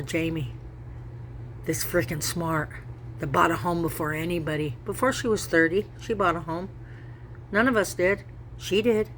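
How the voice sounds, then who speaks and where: Middle-aged woman, lowish voice, home vlog, earnest and repetitive, faint background hiss. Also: a bit bright. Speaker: vlogger. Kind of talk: casual talk to camera.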